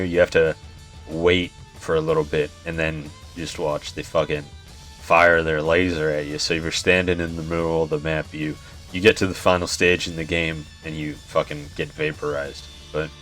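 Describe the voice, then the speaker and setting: Very deep-voiced young man, laid-back gaming commentary. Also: fairly bright tone. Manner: laid-back, swears a lot, chuckles often. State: yawning, tired. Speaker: gaming YouTuber. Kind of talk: casual gameplay commentary.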